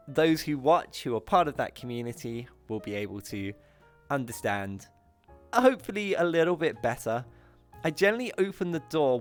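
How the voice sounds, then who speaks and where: A British man hosting a VR talk show livestream, greeting his chat affectionately, giggling often and poking fun at himself. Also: medium pitch. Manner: bubbly and affectionate, giggly, self-mocking.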